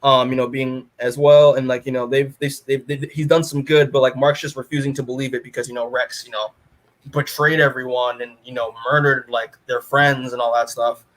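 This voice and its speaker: A man co-hosting a podcast, recapping a comic in casual chat, rambling with lots of fillers and retelling scenes in an animated way. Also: medium pitch, a little fast. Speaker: podcast co-host.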